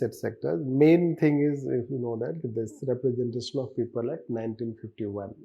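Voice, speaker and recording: A man's voice: mid-range voice, vocal fry, dark tone. A man with an Indian accent teaching a class, talking in a loose, rambling way with asides and trailing sentences. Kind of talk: classroom lecture.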